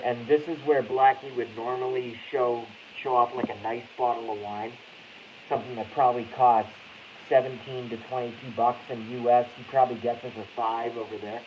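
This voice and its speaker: Male stream host, rambling and foul-mouthed, mid-pitched, dull lo-fi sound with faint hiss. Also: fairly even intonation, fairly quick. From Boston. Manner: rambling, profane, self-interrupting. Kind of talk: casual ranting live stream.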